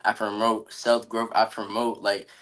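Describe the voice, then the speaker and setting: A man's voice: on the low side, little pitch movement, measured pace, fairly bright tone, poor audio. A man in casual podcast chat, speaking earnestly about motivation and staying true to himself, often saying "bro" and "you feel me". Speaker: podcast guest.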